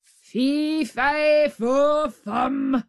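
A woman voicing a huge, gruff, man-eating male ogre who speaks slowly in a drawn-out boom. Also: animated. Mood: menacing.

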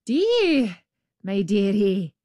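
A big, tall giant's wife from a fairy tale, wary and scolding. Her voice rises high and stretches her words out, heard close and dry, voiced by a woman storyteller. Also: big pitch swings, slow pace, mellow, dry recording. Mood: coaxing.

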